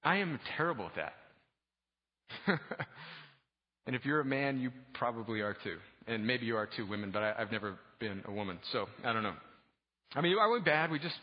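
A man preaching a sermon as pastor, casual and joking at times, rising to loud, fervent passages. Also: mid-range voice, normal speed, slightly rough. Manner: casual, humorous preaching that swells to loud fervor. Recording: dull lo-fi sound with long hall reverb.

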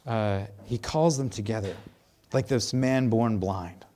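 A man preaching a sermon in a conversational, animated way, sometimes acting out the voices he quotes. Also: fairly low pitch, measured pace. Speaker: pastor.

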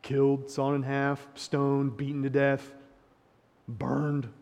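Impassioned preacher in a reverberant hall. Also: male voice, mid-range voice, monotone, slow pace. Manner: impassioned, swinging from hushed to emphatic; sarcastic paraphrasing of opponents. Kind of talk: sermon.

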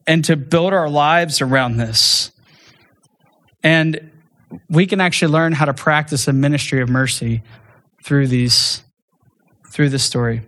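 A man's voice: a little high, fairly bright tone. A man, a pastor, preaching a sermon in a conversational way, with playful asides and frequent restarts.

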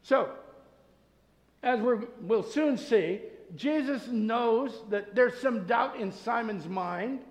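A man preaching a sermon to his congregation, earnestly swinging between loud emphatic points and soft, quiet asides. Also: very high-pitched, lively intonation, slow pace. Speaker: pastor. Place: church sanctuary with masked congregation. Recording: echoey church hall.

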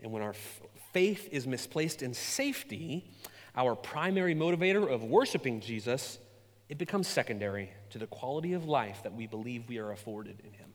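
A man preaching a sermon, telling stories with animated, self-mocking humor. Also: mid-range voice, normal speed, in a large hall. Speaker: pastor.

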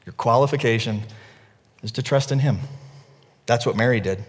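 A middle-aged male pastor preaching a sermon, telling stories with energy, dropping to a hush and then rising to near shouts. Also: mid-range voice, normal speed, husky, in a large hall. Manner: storytelling, animated, swings from hushed to near-shouting.

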